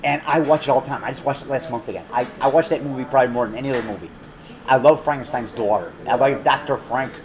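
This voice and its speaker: Rambling excitable man in a diner. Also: mid-range voice, quick pace. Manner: excitable, rambling, repeats himself, jumps between topics. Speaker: low-budget horror filmmaker. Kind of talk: rambling casual chat. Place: restaurant.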